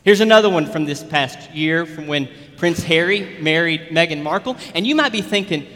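Man, pastor, sermon, high and bright, long hall reverb. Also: animated, moderate pace. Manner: conversational preaching with examples.

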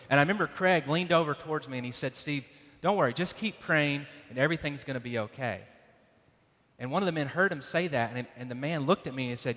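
Guy preaching a story in a church, bright clear voice, big hall echo, gets loud then real quiet. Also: medium pitch. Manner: dramatic retelling, loud bursts then hushed softness. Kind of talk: sermon storytelling. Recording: long hall reverb.

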